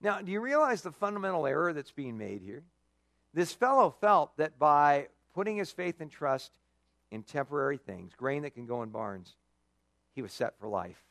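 A male pastor preaching a sermon, telling stories with lively dramatic emphasis. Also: fairly high pitch, normal speed, gravelly, no echo. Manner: animated storytelling with dramatic emphasis.

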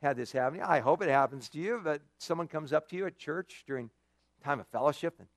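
A man's voice: fairly high pitch, fairly quick, no echo, clean studio sound. A man preaching a sermon in a conversational, folksy way, full of asides and rhetorical questions. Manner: conversational, folksy and animated, with many "you know"s and rhetorical questions. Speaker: pastor.

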